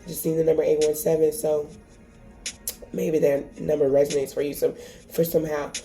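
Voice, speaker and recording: Dark-voiced, sassy woman reading tarot. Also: sits low, level tone, moderate pace, vocal fry, soft background music. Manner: emotional, swears freely, sassy and encouraging. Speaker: tarot reader. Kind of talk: casual tarot reading to camera.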